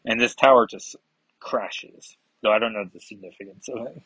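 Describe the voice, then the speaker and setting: A man reviewing a comic casually, reading aloud with halting fillers and asides. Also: on the low side, a bit bright, slightly rough, no echo, low-quality recording.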